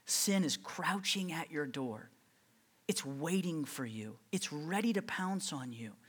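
Animated, conversational preacher. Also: medium pitch, slow, breathy edge. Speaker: pastor. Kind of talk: sermon.

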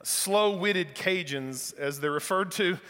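Folksy preacher guy, high bright voice, big echoey hall. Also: slow pace. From northeast Louisiana. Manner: casual, folksy, enthusiastic. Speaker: guest pastor. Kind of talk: sermon with humor. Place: church sanctuary.

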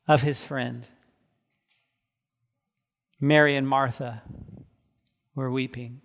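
A man's voice: medium pitch, fairly even intonation, extremely slow, long pauses. A man giving a sermon as pastor, earnest and emphatic, repeating key words for weight. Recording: long hall reverb.

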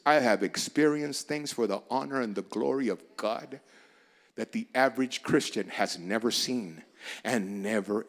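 Animated preacher man with lively pitch. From barrio in the United States. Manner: animated preaching, swings from quiet asides to loud exhortations. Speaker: pastor. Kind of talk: sermon.

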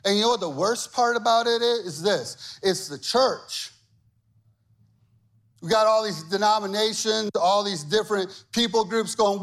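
A man's voice: high-pitched, expressive, unhurried, fairly bright tone. A man preaching a sermon as pastor, talking to the congregation conversationally and building to emphatic, repeated lines.

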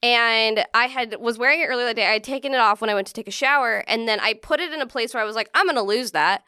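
A woman's voice: a little high, fast, pushed and bright, clear, resonant tone, dry recording, clean studio sound. A young adult woman, a comedian guest on a podcast, telling a rambling story in casual chat with many ums and likes.

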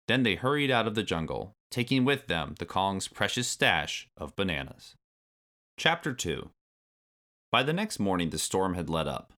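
Low-voiced man reading a storybook. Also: very animated, moderate pace, bright, forceful tone. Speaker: narrator. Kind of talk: storybook read-aloud.

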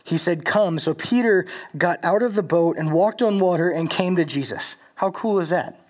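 A preacher giving a casual, animated sermon in slangy, conversational talk. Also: medium pitch, moderate pace.

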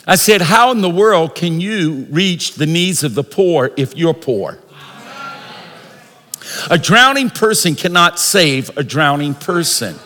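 A man preaching a sermon as pastor, leading the congregation in call-and-response and rising into shouts. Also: fairly high pitch, sing-song, slow. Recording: long reverb of a large hall.

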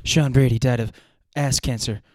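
A man co-hosting a podcast, cutting in with loud, crude, absurd jokes. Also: medium pitch, fairly even intonation, moderate pace. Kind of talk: crude heckling interjections.

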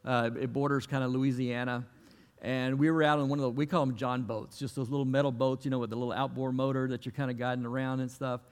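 Man preaching a folksy sermon in a reverberant hall. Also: mid-range voice. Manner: storytelling, folksy, acts out quoted voices. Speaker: pastor.

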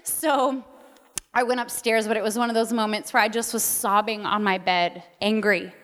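A woman's voice: medium pitch, fairly even intonation, normal speed, fairly bright tone. A woman in her thirties giving a candid sermon testimony, telling stories with laughter and acted-out voices. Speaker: speaker. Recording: long hall reverb.

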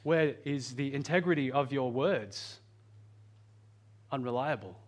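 A man preaching a sermon, earnest, slowing down and speeding up for emphasis. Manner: earnest, varies pitch and pace for emphasis. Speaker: pastor.

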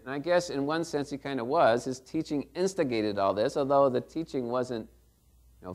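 A middle-aged man preaching a sermon in a conversational way, often checking in with the congregation. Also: medium pitch. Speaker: pastor.

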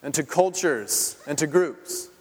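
A man in his thirties leads a sermon with an easy, conversational manner, often checking in with the congregation and laughing along. His voice sits high, and it carries into a long, ringing hall reverb. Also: expressive, measured pace, slightly rough. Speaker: pastor. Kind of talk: interactive sermon. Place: church sanctuary.

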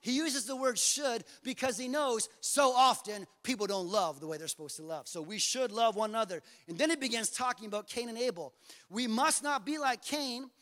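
A man preaching a passionate sermon as pastor, repeating phrases and building to shouts. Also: high voice, brisk, few pauses, long reverb tail. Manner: passionate, repetitive, rising to shouts.

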